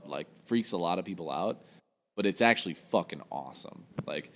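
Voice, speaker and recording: A man's voice: low-pitched, lively intonation, moderate pace, fairly bright tone, long reverb tail. A young man chatting casually on a podcast, telling stories with plenty of swearing and laughter. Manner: profane, laughing storyteller. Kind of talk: casual chat.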